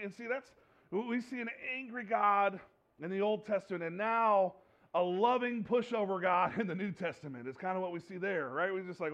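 High-voiced joking preacher man. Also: moderate pace. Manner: joking, animated, repeats phrases for emphasis. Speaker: pastor. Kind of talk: conversational sermon.

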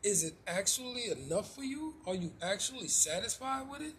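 Guy with a pretty high voice preaching off the cuff, lots of questions and restarts, faint hiss behind. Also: big pitch swings, a little fast, fairly bright tone. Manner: rhetorical questions, repeats and restarts, slangy asides. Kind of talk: informal street preaching.

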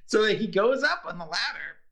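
A man's voice: high voice, very animated, brisk, a bit bright. A man co-hosting a podcast, animatedly retelling TV scenes in casual chat and acting out the quotes. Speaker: podcast co-host.

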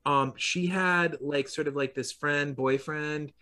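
A middle-aged podcast host from Long Island, New York, rambles through anecdotes full of "um," "like," and restarts, laughing through his punchlines as if chatting across a table. His voice is a touch high with a sharp tone, fairly even intonation, and a slow pace.

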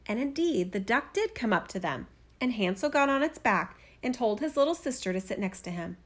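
A woman narrating a fairy tale in a steady, expressive storytelling voice. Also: on the high side, brisk. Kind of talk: fairy tale read-aloud.

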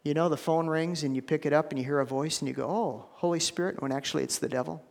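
A man preaching a sermon to a congregation, swinging between hushed, slow lines and loud, emphatic ones. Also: on the high side, steady tone, gravelly. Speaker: pastor. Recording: long hall reverb.

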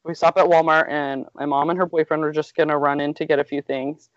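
A chatty, giggly woman in her thirties tells a story in casual conversation, laughing through her words and saying "like" a lot. Her voice is deep with fairly even intonation, and she talks fairly quickly. The lo-fi mic gives a dull, dry recording.

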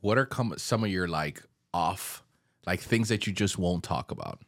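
A man hosting a podcast, chatting casually in a laid-back, slangy way with quick reactions. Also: low-pitched, fairly bright tone, no echo, studio quality. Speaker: podcast host.

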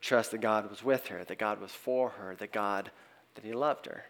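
A middle-aged pastor with a fairly low voice delivers a sermon earnestly but haltingly. He often starts his sentences over, and his phrases trail off softly at the end.

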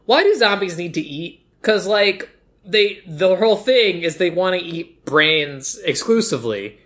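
A man co-hosting a podcast, casually recapping a film with animated retellings and mock quotes. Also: high voice, a little slow. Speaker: podcast co-host.

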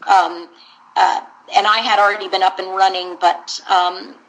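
A woman's voice: medium pitch, flat delivery, moderate pace, a bit bright, low-quality recording. A woman voice actor, a guest in an interview, telling candid, rambling stories about her career.

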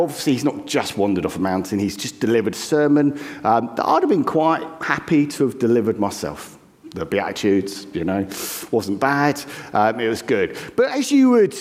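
A man preaching a conversational sermon, telling the story with lively animation and acting out the crowd's reactions. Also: fairly high pitch. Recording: long hall reverb.

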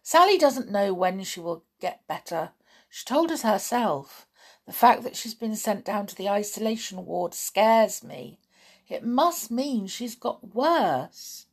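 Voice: medium pitch, expressive, takes it slowly, husky, exaggerated voice. A woman reading aloud voices an earnest, determined boy in a hospital ward, pleading and urgent.

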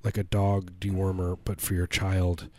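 A man co-hosting a comedy podcast in casual banter, rambling and stammering, cracking deadpan jokes. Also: low voice, moderate pace. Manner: rambling, stammering, jokey, slips into silly voices. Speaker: podcast co-host.

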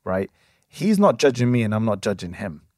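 A man's voice: fairly low pitch, very animated, normal speed, darkish tone, no room sound, clean studio sound. A man in his twenties, chatting casually as a podcast co-host and telling a long story full of restarts and fillers. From England. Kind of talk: casual chat.

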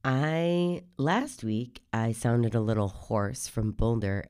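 A woman hosting a podcast, talking casually in a rambling, chatty way while hoarse from a cold. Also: a bass voice, slow, darkish tone, dry recording, studio quality. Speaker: podcast host. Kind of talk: casual podcast intro monologue.

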